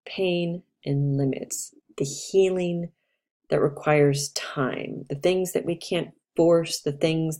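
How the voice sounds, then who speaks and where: A woman's voice: on the low side, warm tone. A woman astrologer giving a casual, chatty talk, reflective and loose, with fillers and restarts.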